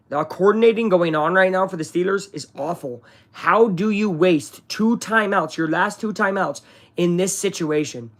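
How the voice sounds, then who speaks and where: A man hosting a live stream, giving chatty play-by-play commentary and reacting excitedly to the action while talking to his viewers. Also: sits high. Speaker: streamer hosting a live game watch-along.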